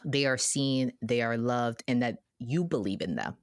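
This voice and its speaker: A young adult woman hosting a podcast, chatting casually and telling stories in an animated way. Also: very deep voice, measured pace, clear, resonant tone, no room sound, studio quality. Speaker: podcast host. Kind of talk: casual chat.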